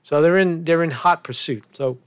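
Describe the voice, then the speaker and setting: A man's voice: on the high side, normal speed, clean tone, dry recording. A man hosting a news commentary show, reading reports and arguing with rhetorical questions in a rambling manner.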